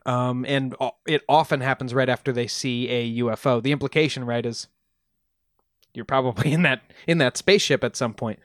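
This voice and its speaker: A man's voice: mid-range voice, fairly quick, no room sound, clean studio sound. Casual man retelling a story. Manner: relaxed, with frequent ums and restarts. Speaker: podcast host presenting research.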